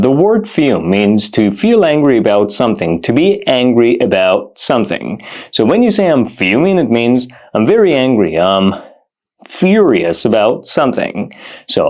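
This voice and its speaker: A man explains words in a vocabulary lesson, his pitch swinging up and down with lively emphasis. He repeats each example phrase slowly and deliberately so learners can follow. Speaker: English teacher.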